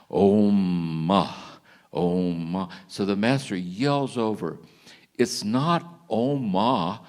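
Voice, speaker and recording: An older man with a low, deep voice tells contemplative jokes to an audience in a chapel. His delivery is gentle and halting, full of restarts and quiet pauses. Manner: gentle, halting storytelling with restarts and soft laughs. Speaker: retreat speaker. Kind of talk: telling jokes to a live audience.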